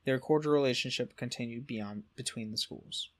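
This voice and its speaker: A man with a mid-range, fairly bright voice co-hosts a casual podcast, speaking at normal speed as he reads through lore notes. He uses frequent fillers, corrects himself often, and stumbles over French words.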